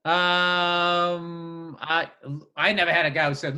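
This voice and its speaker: Man, high voice, bright and sharp tone, casual comedy podcast chat, heavy swearing. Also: a little slow. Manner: profane, animated storyteller. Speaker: podcast co-host.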